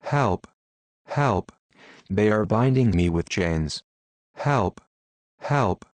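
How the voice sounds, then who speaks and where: A man's voice: lowish voice, expressive, very slow, a little mellow, no echo. A man reading out a dying boy's frantic cries. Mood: terrified pleading. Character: terrified dying boy screaming for help.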